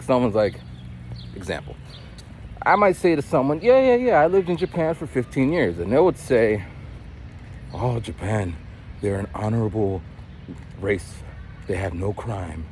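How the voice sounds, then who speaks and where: Vlogger man, lively pitch, street traffic audible behind a phone recording. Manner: chatty, storytelling, animated. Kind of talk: casual vlog monologue. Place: outdoors on city streets. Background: traffic and street noise.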